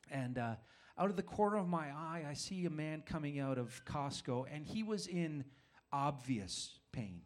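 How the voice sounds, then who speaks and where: A man's voice: on the high side, expressive, moderate pace. A man preaching a sermon, telling a personal story in a self-deprecating way, with frequent restarts. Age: adult father of young children.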